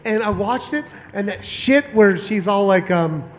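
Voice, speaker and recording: High-voiced excitable man in an echoey hall. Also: unhurried. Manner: excitable, swears a lot. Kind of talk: casual live panel chat. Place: large hall with live audience.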